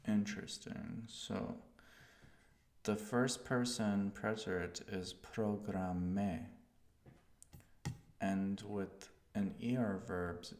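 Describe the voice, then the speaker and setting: A man streaming himself learning Spanish, slowly thinking aloud as he works out verb forms. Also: lowish voice, steady tone, darkish tone, roomy sound. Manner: slow, musing, talks to himself while working out conjugations. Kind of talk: live-streamed self-study, thinking aloud.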